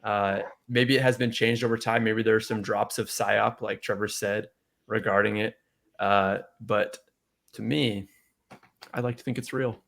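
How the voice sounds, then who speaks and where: Gravelly-voiced man telling a story. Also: fairly low pitch, measured pace. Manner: rambling, animated when quoting. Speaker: podcast host. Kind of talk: casual chat, storytelling.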